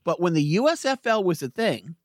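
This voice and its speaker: Rambling, laughing man with a high voice. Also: very animated, fairly quick, no echo, clean studio sound. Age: 40s. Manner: rambling, laughs often, many restarts. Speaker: podcast co-host. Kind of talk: casual chat.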